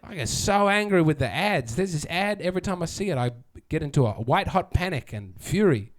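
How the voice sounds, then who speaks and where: High-voiced comic, sardonic. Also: male voice, lively intonation, a little fast. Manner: sardonic, crowd-work, acts out quotes. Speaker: stand-up comedian. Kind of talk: stand-up comedy set. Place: comedy venue with live audience.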